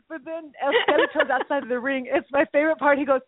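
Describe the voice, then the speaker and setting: A woman co-hosting a faith chat, bubbly and quick to burst into laughter as she acts out lines. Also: high-pitched, no echo. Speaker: podcast co-host. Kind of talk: casual chat about faith. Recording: tinny phone-like line.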